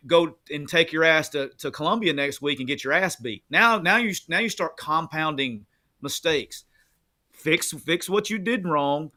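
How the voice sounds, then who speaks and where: A man's voice: fairly high pitch, moderate pace, pushed and bright. Fiery, profane man ranting. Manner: fiery, profane rant full of coach-style commands. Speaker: former player turned analyst. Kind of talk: postgame show chat.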